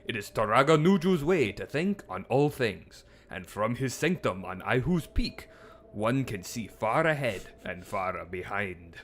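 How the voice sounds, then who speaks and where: A man voicing a solemn, mysterious game elder with a heavy put-on accent, speaking slowly and gravely. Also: on the low side, very animated, a bit bright, a little hiss or hum.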